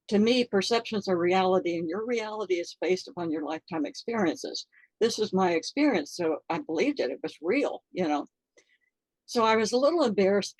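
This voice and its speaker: An older woman telling a personal story in an interview, halting and earnest, with many fillers, close to tears. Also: lowish voice, darkish tone, no echo, poor audio. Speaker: interview guest.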